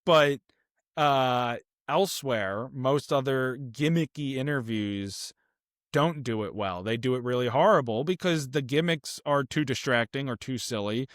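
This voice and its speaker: Man, podcast co-host, casual film chat, earnest and opinionated, smooth clear voice, dry close mic. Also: medium pitch, measured pace, no room sound. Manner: earnest, opinionated, many fillers and restarts.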